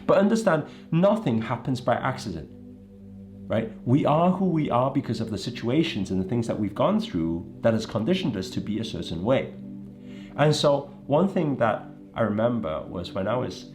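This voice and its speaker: A man's voice: mid-range voice, sing-song, normal speed, a little mellow, faint music behind. A man from England giving an emphatic motivational talk to camera, often checking in with "right?" and "you know". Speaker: motivational speaker.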